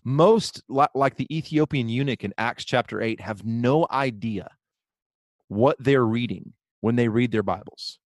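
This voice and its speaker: A man's voice: medium pitch, measured pace, no room sound. A man co-hosting a podcast, speaking earnestly about faith, reading quotes aloud with many fillers and restarts. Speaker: podcast co-host. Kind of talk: casual podcast talk, preaching on theology.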